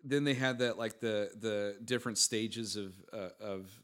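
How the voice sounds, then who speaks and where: A young man co-hosting a podcast, chatting casually and excitedly, often laughing and acting out movie lines. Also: fairly low pitch, unhurried. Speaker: podcast co-host. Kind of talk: casual chat.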